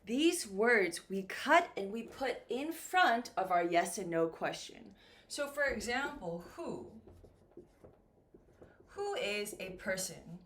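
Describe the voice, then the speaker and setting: A woman teaching English to beginners, speaking slowly and clearly with exaggerated intonation. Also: mid-range voice, very animated, a bit bright. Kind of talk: slow beginner ESL lesson.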